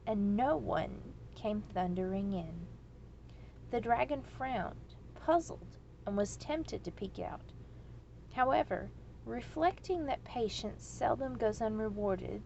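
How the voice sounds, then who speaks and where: A woman reading a storybook aloud in a slow, measured way. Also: a little high, gravelly, warm tone, highs cut off, a little hiss or hum.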